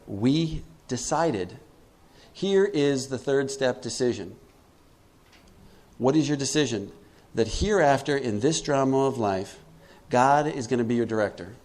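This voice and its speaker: A man giving a recovery workshop talk, asking his listeners questions and answering them himself, acting out quotes with big swings in pitch and loudness. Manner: preachy, asks the room questions and answers them; acts out quotes with animated swings in pitch and volume. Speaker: workshop speaker.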